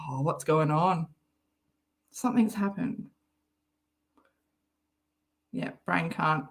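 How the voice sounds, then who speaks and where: A woman's voice: medium pitch, a bit bright. A woman with an Australian accent chatting casually on a livestream, reading out viewer comments between giggly, rambling asides. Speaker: livestream host reading chat.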